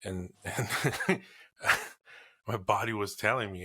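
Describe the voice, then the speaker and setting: A middle-aged man with a bright, forceful voice tells a rambling, profane story in relaxed conversation. He gets animated, doing sound effects as he goes. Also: fairly low pitch, slow pace, husky. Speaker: podcast co-host. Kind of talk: casual chat.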